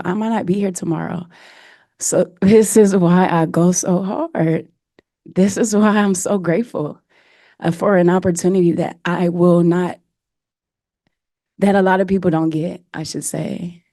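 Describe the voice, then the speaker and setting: A woman's voice: on the low side, dark tone, dry recording, clean studio sound. A woman head coach answering press questions earnestly and emotionally, with many fillers.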